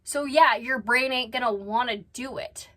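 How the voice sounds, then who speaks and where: A woman's voice: a little high, moderate pace, a bit bright. A woman giving casual reaction commentary as a vlogger, blunt and swearing freely as she talks straight to the person she is watching.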